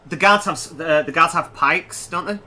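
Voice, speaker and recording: Bright-voiced eager male tabletop player. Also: on the high side, normal speed, a little hiss or hum. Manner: eager, checks rules with questions. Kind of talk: casual tabletop game chat.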